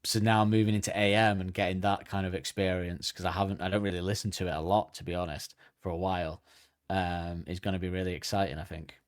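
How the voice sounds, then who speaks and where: Fast and flat, this man's low voice carries a rambling, filler-heavy casual chat as he hosts a podcast, often hesitating. The sound is clean studio audio with no room sound.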